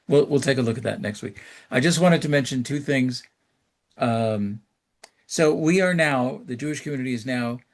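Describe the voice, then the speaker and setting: Rabbi, male, gravelly mid-range voice, loose teaching talk full of ums and asides. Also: mid-range voice. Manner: conversational storytelling with frequent fillers; reflective, rhetorical questions. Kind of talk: informal Torah class.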